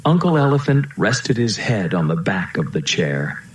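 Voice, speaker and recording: A man reading a children's storybook aloud, slow and lilting. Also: sits low, big pitch swings, a little hiss or hum. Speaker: storybook reader. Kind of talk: storybook read-aloud narration. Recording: roomy echo.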